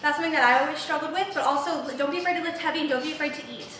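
A young fitness instructor talks very fast in a high-pitched, pushed and bright voice, with slight background noise. Out of breath, she cheers upbeat through the reps of a live workout on a large, empty home gym floor. An echoey room and a distant mic shape the sound.

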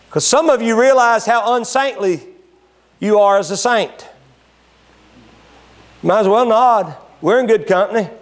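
High-voiced man preaching with fervor. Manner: impassioned preaching that swells loud and high, then drops low and quiet. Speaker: pastor. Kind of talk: sermon. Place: church service.

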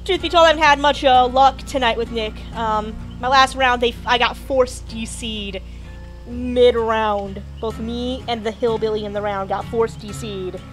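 A woman's voice: a little high, steady tone, a little slow, faint music behind. A woman streamer giving casual gameplay commentary, chatty and grumbling, talking to the game's characters. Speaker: gaming streamer.

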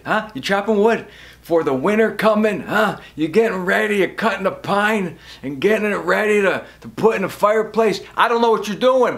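A man's voice: high-pitched, a bit bright. A man vlogging straight to camera about his podcast, emotional and imploring, raising his voice now and then. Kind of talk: casual direct-to-camera vlog. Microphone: camera facing him.

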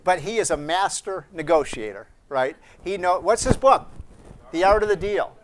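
Man, higher-pitched, rambling seminar talk to students, live room, faint background noise. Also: expressive, moderate pace. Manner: chatty anecdotal delivery with frequent restarts and asides. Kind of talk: storytelling speech to students.

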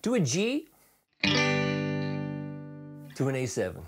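A man teaching a rock guitar lesson in a relaxed, chatty way, with fillers and restarts, playing along on guitar. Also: mid-range voice, extremely slow.

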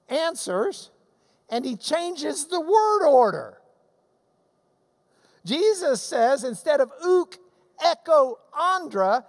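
A man giving a Bible class lecture, animated and emphatic with jokey asides. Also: very high-pitched. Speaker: Bible teacher. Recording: long reverb of a large hall.

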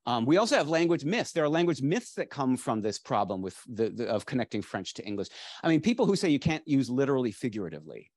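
A man's voice: medium pitch, big pitch swings, quick pace, a little mellow. A middle-aged man lecturing to a live audience with eager, rambling energy, often circling back to restart his sentences. His voice sits in an ordinary middle register. The sound is close and dry, with little room echo. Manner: enthusiastic, digressive, with frequent restarts and fillers. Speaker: lecturer, dictionary editor. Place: library lecture space.

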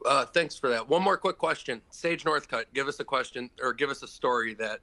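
A male host asking easygoing, slangy questions in a casual chat. His voice is bright and crisp. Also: medium pitch, brisk. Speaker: interviewer host.

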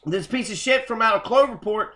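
A man's voice: high-pitched, a little fast, sharp tone. A man in an angry, profane rant, cursing and repeating himself. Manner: heated, cursing, repetitive. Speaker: host.

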